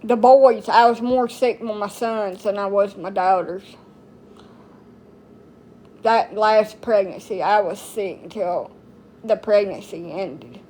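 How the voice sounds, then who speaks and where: Slow-talking blunt woman, casual rambling chat. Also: medium pitch, darkish tone. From United States. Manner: blunt, rambling, folksy slang. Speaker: TikTok streamer.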